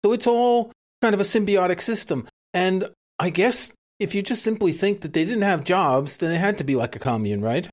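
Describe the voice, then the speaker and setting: A man from New co-hosts a casual podcast with a wry, joking manner. His New shows through a slightly high voice. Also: expressive, normal speed, few pauses. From New York City. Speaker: podcast co-host.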